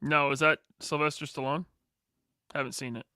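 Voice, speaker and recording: A man's voice: fairly high pitch, steady tone, moderate pace, bright, forceful tone, dry recording, clean studio sound. A man hosting a casual livestream, joking and teasing his guest with curious questions. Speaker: livestream host.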